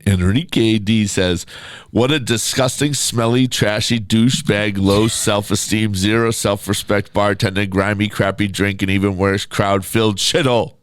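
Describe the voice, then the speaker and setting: A man's voice: fairly low pitch, steady tone, normal speed, dry recording. A man co-hosting a podcast in casual chat, reading reviews aloud with a wry, teasing manner. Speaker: podcast co-host, promoter.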